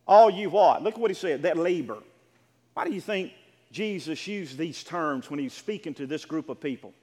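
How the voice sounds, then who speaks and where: A man preaching a sermon, swinging between quiet explanations and loud, emphatic repeated phrases. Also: on the high side, expressive, normal speed. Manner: rising to loud emphatic repetition; drops to quiet explaining asides. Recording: long reverb of a large hall.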